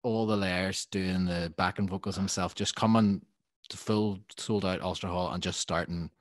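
A man, a guest musician telling animated anecdotes in a casual podcast chat, laughing often. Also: sits low, normal speed, no echo.

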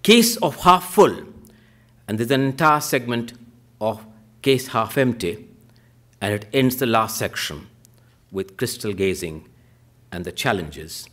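A man delivers a formal panel talk with a lively, animated pitch. His voice lifts on the points he stresses and sinks low and quiet at the close of each sentence. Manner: measured, rises in pitch on key points then trails off low. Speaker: panel speaker. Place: lecture theatre.

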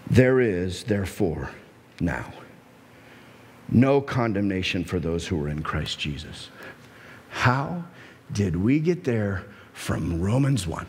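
A male pastor preaching a sermon, animated and emphatic, sometimes acting out the voices of his listeners. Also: on the low side, takes it slowly, big-room sound, a little hiss or hum. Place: church sanctuary.

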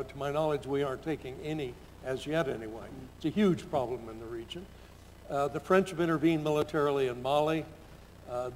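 Older male panelist, slightly high voice, easy storyteller, hall reverb with faint hum. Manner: relaxed storyteller, measured and conversational. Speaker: panelist, former senator. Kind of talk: panel discussion, anecdotal storytelling.

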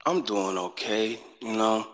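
Hungover, low-voiced man caller. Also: a little slow, a bit bright. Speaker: caller on a dating show.

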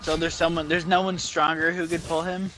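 Young dude, higher voice, joking around and teasing his buddy mid game. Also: little pitch movement, brisk, poor audio. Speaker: gamer chatting with friend. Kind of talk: casual chat.

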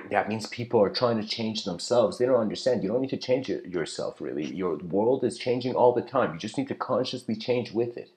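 A man giving a casual spiritual lecture, rambling, with frequent "you know"s and throat-clearing. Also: lowish voice, fairly quick.

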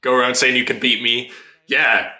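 A man hosting a casual anime reaction, excitable, laughing often and swearing freely as he watches. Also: mid-range voice, moderate pace. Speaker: anime reaction channel host. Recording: roomy echo.

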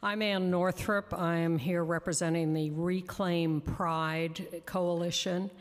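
Emphatic woman testifying in a reverberant hall. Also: low voice. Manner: emphatic, deliberate, slows on lists. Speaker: advocate testifying at a hearing. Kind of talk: prepared public testimony. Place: council chamber.

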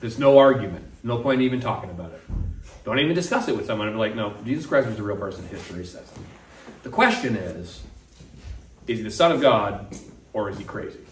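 A man's voice: fairly low pitch, animated, quick pace, a little hiss or hum. A man preaching a casual sermon as pastor, talking conversationally and acting out the voices he quotes. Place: church sanctuary. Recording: echoey room, mic at a distance.

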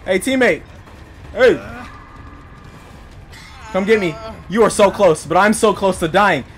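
A man giving let's play commentary, panicky and talking to himself, yelping and shouting for help. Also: high-pitched, a little slow, faint music behind. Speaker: gaming video creator.

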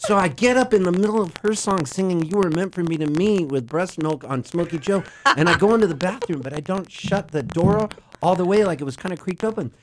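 Animated storytelling man in a radio studio. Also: high voice, a little fast, few pauses, noisy background. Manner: rambling, animated anecdotes with bursts of laughter. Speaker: musician guest. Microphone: studio microphone.

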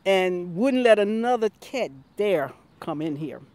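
A woman's voice: medium pitch, animated, unhurried, darkish tone. A woman and longtime community gardener who chats and laughs while telling anecdotes in a casual interview, recorded outdoors in a garden.

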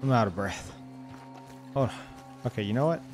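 Lively, excitable man streaming a game. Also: mid-range voice, normal speed, over music. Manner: excitable, swears and exclaims at the game; talks to his chat. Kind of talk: live gameplay commentary.

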